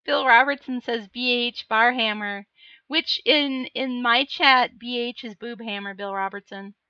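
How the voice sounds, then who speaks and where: A woman's voice: on the high side, steady tone, measured pace, pushed and bright, no echo, highs cut off. A woman streamer chatting casually on a live stream, laughing often and answering her viewers. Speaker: live streamer and miniature painter.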